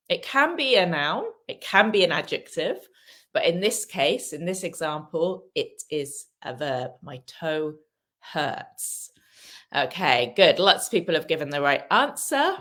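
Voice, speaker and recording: A patient woman from Wales leads a live online English lesson, pitched a little low. She speaks slowly and repeats key phrases so learners can follow. She praises each answer in an encouraging way. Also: a bit bright. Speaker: English teacher.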